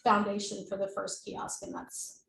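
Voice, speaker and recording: A woman's voice: medium pitch, monotone, moderate pace, gravelly, fairly bright tone. A woman giving a presentation at a board meeting, informal, with fillers and self-corrections. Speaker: staff member presenting to a board. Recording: echoey room mic, faint noise.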